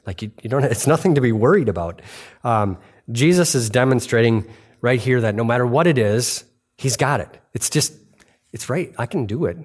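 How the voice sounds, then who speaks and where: A man's voice: lowish voice, brisk. A middle-aged man preaching a sermon as pastor, earnest and conversational, often restarting and repeating phrases for emphasis. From United States.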